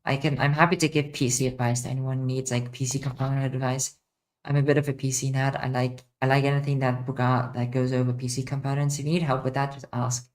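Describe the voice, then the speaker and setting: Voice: medium pitch, level tone, quick pace. A streamer in a casual livestream Q&A, chatting off the cuff while answering viewers' questions from a home setup.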